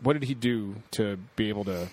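A man co-hosting a casual podcast chat, reasoning aloud in a measured way and letting his sentences trail off. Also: lowish voice, a little mellow.

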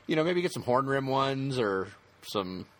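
A man co-hosts a casual conversation about a TV show. His pitch sits in the middle for a man. He speaks in halting bursts full of fillers and restarts. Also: sing-song, a bit bright. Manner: halting, many restarts and fillers, laughs often. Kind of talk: casual chat.

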